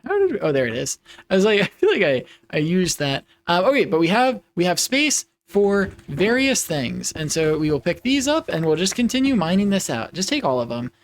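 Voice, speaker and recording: A young adult streamer chats casually over a game, full of giggles and restarts. The voice swoops up and down in a lively, animated way at a middling pitch. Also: a little fast. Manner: giggly, playful, rambling with many restarts. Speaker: live streamer. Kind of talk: casual live-stream chat while playing.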